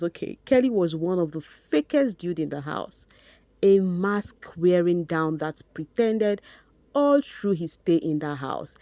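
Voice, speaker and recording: A young Nigerian woman with a Nigerian accent, reading out and reacting to a reality show gossip post, laughing often in an animated, mocking way. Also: lowish voice, dry recording. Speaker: gossip vlogger.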